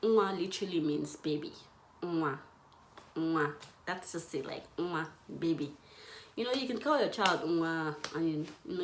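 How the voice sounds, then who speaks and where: A young woman teaching Igbo words in a casual, playful way, laughing often and repeating words slowly. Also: fairly low pitch, reverberant, a little hiss or hum. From Nigeria, Igbo. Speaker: language teacher. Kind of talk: casual language lesson.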